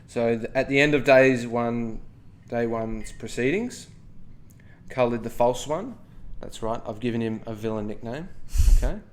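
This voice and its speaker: With an unhurried, mid-range voice, this history podcast co-host spins the story in a joking, playful way. He's full of asides and keeps tossing in "okay?"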